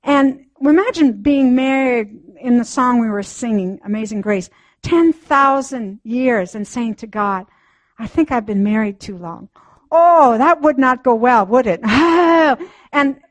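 Older lady sharing church testimony, high voice, slow, lots of laughing and sighing, dry sound. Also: dry recording. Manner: laughing often, sighing, exclaiming "oh". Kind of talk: emotional spiritual testimony.

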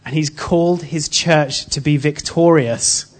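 A man giving an informal sermon built around a personal story, earnest and halting, with frequent restarts. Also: on the high side, fairly even intonation. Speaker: church speaker.

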